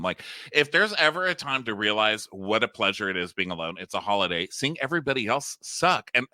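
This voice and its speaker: Podcast co-host, male, bright and animated, dry close sound, does mocking impressions. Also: fairly low pitch, a little fast, hardly any pauses, dry recording. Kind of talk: casual chat.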